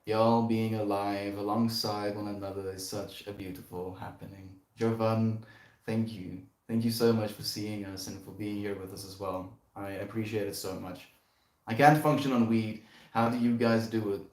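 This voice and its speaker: Reading viewer comments on a laid-back live stream, a young man speaks at normal speed in a fairly low, darkish voice with fairly even intonation. He often laughs and addresses people as dude and bro, recorded in an echoey room.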